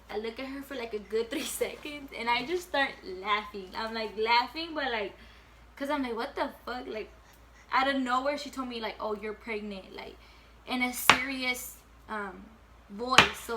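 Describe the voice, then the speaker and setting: A woman's voice: fairly high pitch, pushed and bright, slight background noise. A woman in her late teens telling a casual storytime at home, chatty and full of fillers, swearing freely. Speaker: vlogger.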